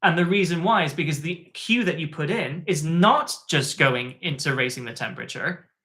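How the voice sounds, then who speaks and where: Bright-voiced, chatty male tutor. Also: on the high side, normal speed. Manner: animated, chatty, lots of fillers. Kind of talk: casual spoken anecdote.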